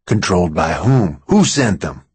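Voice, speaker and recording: A man doing a calm, reasoning companion. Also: low voice, a little slow, breathy edge, dry recording, pitched below the performer's own voice, full character voice.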